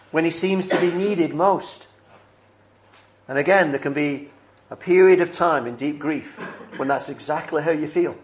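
A man's voice: a little high, a little hiss or hum. Earnest man preaching a sermon. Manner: earnest, measured, with emphatic repeated phrases.

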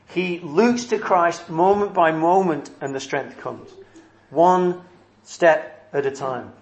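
A man preaching a sermon in an earnest way, alternating brisk stretches with slow, emphatic phrases. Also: a little high.

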